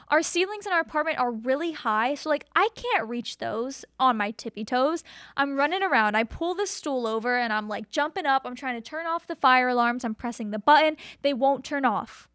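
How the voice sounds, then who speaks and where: Young woman co-host, high voice, dry close sound, animated storyteller. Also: moderate pace, no echo. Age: 20s. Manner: animated, acts out quotes with big pitch jumps. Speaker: podcast co-host. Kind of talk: casual storytelling chat.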